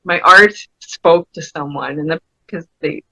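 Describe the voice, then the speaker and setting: A woman's voice: low-pitched, a little slow, pushed and bright, slightly rough, no echo, lo-fi sound. A woman, an artist talking in a casual interview, enthusiastic and chatty, laughing often as she tells stories. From Saskatchewan, Canada. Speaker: fibre artist and pastelist, interview guest.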